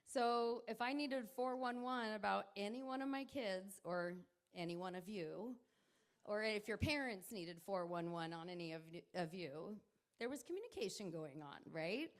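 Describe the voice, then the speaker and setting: A woman's voice: medium pitch, lively intonation, normal speed. A middle-aged woman speaks into a handheld mic at a wedding reception, giving a toast as the groom's mother. She rambles, laughs and tears up as she talks.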